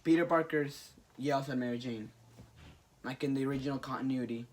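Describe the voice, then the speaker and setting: A man on a podcast, casually retelling a comic storyline and acting out the characters' lines in excited bursts. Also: mid-range voice, brisk, a little hiss or hum. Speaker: podcast co-host recapping a comic. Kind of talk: casual chat.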